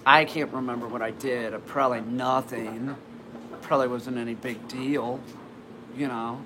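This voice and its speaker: A man's voice: mid-range voice, steady tone, a little slow. A man casually telling a personal story, rambling with lots of restarts and fillers. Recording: noisy background ambience.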